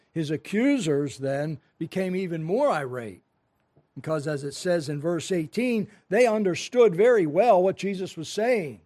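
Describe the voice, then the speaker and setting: Male pastor, high voice, earnest and emphatic sermon delivery. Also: a little mellow. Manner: earnest, emphatic preaching with scripture reading.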